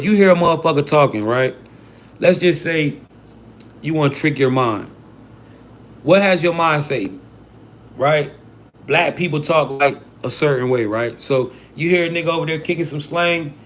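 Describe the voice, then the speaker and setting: A man's voice: fairly high pitch, a little hiss or hum. A man giving a casual, profane live-stream lesson, blunt and slangy, full of rhetorical questions. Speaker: self-styled spiritual teacher on a live stream.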